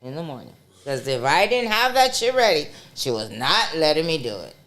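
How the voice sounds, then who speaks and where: A woman guest on a podcast, telling a story in a casual, profane and animated way, laughing often. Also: deep voice, moderate pace.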